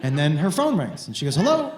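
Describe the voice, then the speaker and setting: A man doing animated, self-mocking stand-up storytelling on a club stage. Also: on the high side, quick pace, noisy background. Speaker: stand-up comedian. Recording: roomy club with live audience.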